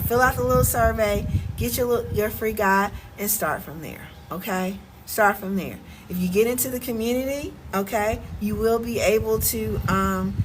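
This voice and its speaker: A woman's voice: mid-range voice, fairly bright tone, a little hiss or hum, poor audio. A middle-aged woman with a Southern US accent talking casually on a phone livestream, emphatic and repeating words, often asking "okay?". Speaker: vlogger and relocation coach. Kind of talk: casual livestream talk to viewers.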